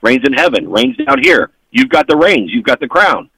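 A man's voice: mid-range voice, wildly swooping pitch, normal speed, creaky, a bit bright, breathy edge, no room sound, pitched below the performer's own voice, exaggerated voice, low-quality recording. A man voicing a sarcastic divine mother goddess who teases playfully and calls him sweetheart. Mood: teasing.

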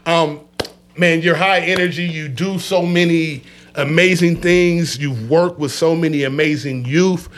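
A man's voice: a little high, fairly even intonation, a little slow, a bit bright, a little hiss or hum. A man hosting an interview, supportive, with frequent affirmations. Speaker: host. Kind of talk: interview talk.

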